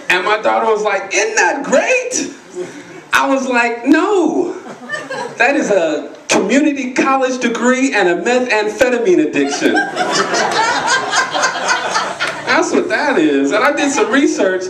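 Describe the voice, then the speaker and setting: A man doing a stand-up comedy routine on a live stage, telling stories in an animated way and acting out what other people said. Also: sits high. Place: live stage at a charity show. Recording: roomy, distant live recording with clear noise.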